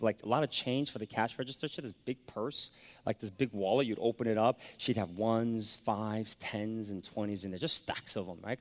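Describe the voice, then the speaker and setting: A man preaching a sermon, telling a personal story that swings from hushed to loud. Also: medium pitch. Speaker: pastor. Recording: long hall reverb.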